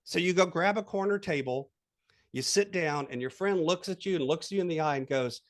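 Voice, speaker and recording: A brisk, fairly high-voiced man acts as guest coach in a podcast interview. His lively, animated telling of an imagined scene includes quoted voices, yet he keeps a steady, guiding tone while coaching the listener.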